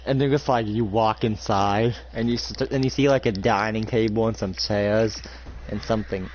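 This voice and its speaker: A man's voice: lowish voice, steady tone, normal speed, darkish tone, lo-fi sound, slight background noise. A young man running a casual role-play as game master, narrating in a rambling way full of fillers.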